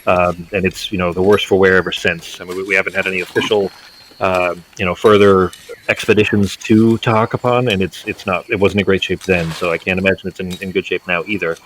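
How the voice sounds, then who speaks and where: Casting: low-voiced male game master, loose and rambling, faint hiss behind. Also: level tone, a little fast, a bit bright. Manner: rambling, many fillers and restarts. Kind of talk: narrating a tabletop game.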